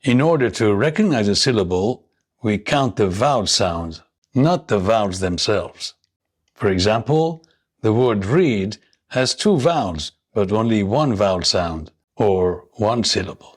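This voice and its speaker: A man narrating a scripted English lesson, speaking slowly and clearly, modeling words for learners to repeat. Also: lowish voice, lively intonation. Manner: slow, deliberate, models words for repetition. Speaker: English teacher.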